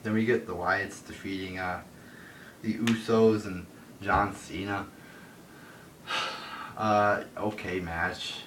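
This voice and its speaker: A man's voice: fairly even intonation, slow pace, pauses often, fairly bright tone, distant mic. A man ranting in a solo wrestling review into a phone, profane and rambling with lots of fillers. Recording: roomy echo from off-mic with faint rumble.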